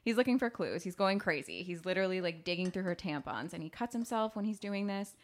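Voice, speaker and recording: A woman co-hosting a casual chat, retelling a film scene by scene with lively mock outrage and frequent laughter. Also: on the low side, quick pace. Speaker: podcast co-host.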